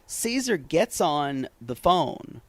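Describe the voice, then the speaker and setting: A man co-hosting a podcast, recapping a show in gossipy, animated chat. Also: fairly high pitch, takes it slowly, dry recording. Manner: gossipy, animated, laughs often, says y'all. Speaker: podcast co-host.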